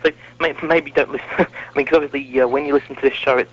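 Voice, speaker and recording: A man's voice: mid-range voice, steady tone, fast. A man hosting a casual wrestling podcast, chatty and self-mocking. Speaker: podcast host. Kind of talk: casual chat. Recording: muffled lo-fi audio.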